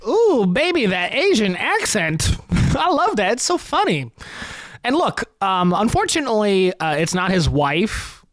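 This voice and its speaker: A man's voice: sits high, very animated, a little slow, a bit bright, dry recording. A man hosting a comedy podcast, rambling through a profane topical rant and laughing at his own jokes.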